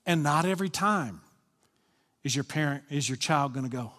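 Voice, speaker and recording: A man's voice: fairly high pitch, normal speed, pushed and bright, in a large hall. A man, a senior pastor, giving a conversational sermon and often asking the congregation questions. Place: church sanctuary.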